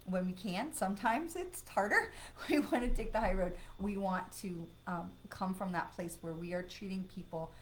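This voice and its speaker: A woman reads cards on a live stream in a casual, chatty way, warm and encouraging with her viewers. She breaks off now and then to ban spammers. Her voice sits in a middle register over a faint background hiss. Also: medium pitch. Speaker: psychic medium doing live card readings.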